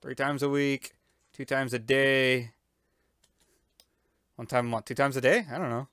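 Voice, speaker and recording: A gaming YouTuber doing let's-play commentary, loud and excitable, with playful yelps, silly noises and sound effects. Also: medium pitch, unhurried, clean tone, no echo, clean studio sound.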